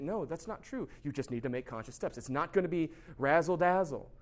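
A man giving a casual, animated sermon as a pastor, often asking "right?" and laughing at himself. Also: fairly high pitch, quick pace, hardly any pauses. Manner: chatty, animated, constant rhetorical "right?"; laughs at himself, shouts for emphasis.

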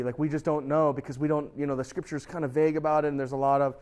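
A man teaching a youth group about Scripture in a casual, animated way, often putting questions to his listeners. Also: a little high, rapid-fire. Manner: animated, acts out quoted voices; conversational, asks the listeners questions.

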